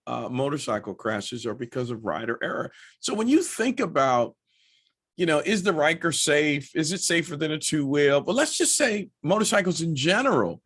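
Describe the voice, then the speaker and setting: A man's voice: mid-range voice, fairly bright tone. A middle-aged man talking casually to camera as a motorcycle vlogger, chatty and anecdotal with many asides.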